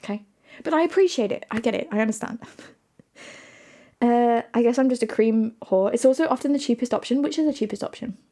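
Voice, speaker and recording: A woman streamer with a slightly high voice chats through a casual livestream. She is playful, laughs a lot and keeps answering her viewers. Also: brisk, mellow.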